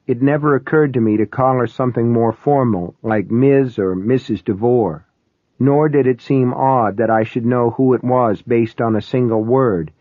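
A man reading a first-person novel aloud in a wry, measured way. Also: mid-range voice, no echo. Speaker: audiobook narrator. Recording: tinny, phone-like, dry.

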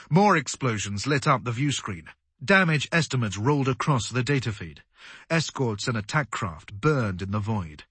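A man narrating an audiobook in a dramatic, animated storytelling manner. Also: mid-range voice, normal speed, husky, dry recording. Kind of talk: scripted narration.

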